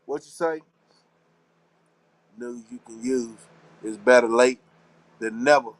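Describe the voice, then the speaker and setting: Speaking slowly at a medium pitch, this show host from Texas rambles through his casual live talk show. He's slangy and preachy with a conspiratorial streak, and he keeps repeating phrases to his listeners.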